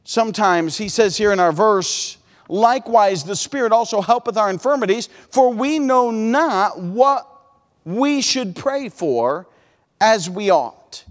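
Man, middle-aged, preaching, folksy, stammering restarts, high-pitched, hall reverb. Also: animated, measured pace. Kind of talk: sermon.

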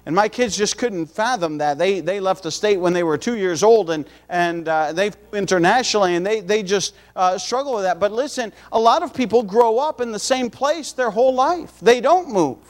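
A man's voice: high-pitched, animated, normal speed, hardly any pauses. A man preaching a sermon in a folksy, conversational way, a missionary preacher mixing scripture with homespun everyday asides.

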